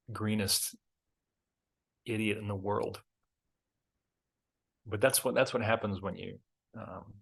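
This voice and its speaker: With vocal fry and a husky, lowish voice, a middle-aged host shares a story in a reflective talk. His tone is frank and self-deprecating, turning animated as he acts scenes out.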